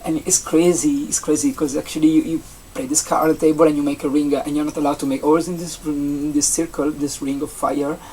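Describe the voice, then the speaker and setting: A young adult vlogger from Italy with an Italian accent, a native Italian speaker chatting casually in English, rambling and halting with many restarts and fillers. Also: medium pitch, flat delivery, mellow. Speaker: vlogger, seasonal campsite entertainment worker. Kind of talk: casual vlog chat. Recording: distant mic with faint background noise.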